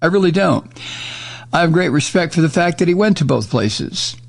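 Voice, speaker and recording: Gravelly blunt talk host, heated. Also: male voice, a little high, animated, normal speed. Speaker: radio talk show host. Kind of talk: political commentary monologue. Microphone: studio microphone.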